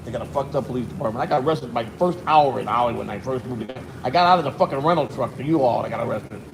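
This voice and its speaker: Chicago guy rattling off stories, swears a lot, noisy audio behind him. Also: mid-range voice. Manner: fast, profane storytelling. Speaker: guest. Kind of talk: casual chat.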